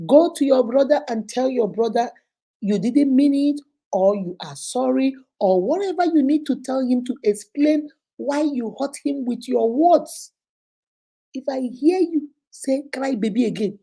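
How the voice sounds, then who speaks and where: A middle-aged woman hosts a chatty live stream, greeting viewers by name. Her voice is a bit high yet mellow and soft-edged. She lectures with animated conviction. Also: slightly rough, poor audio. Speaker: host and counselor.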